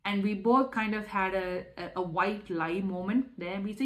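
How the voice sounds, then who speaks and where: A woman's voice: mid-range voice, normal speed, few pauses. A young adult woman telling a personal faith testimony in a candid, emotional way, with frequent restarts and fillers. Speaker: testimony speaker.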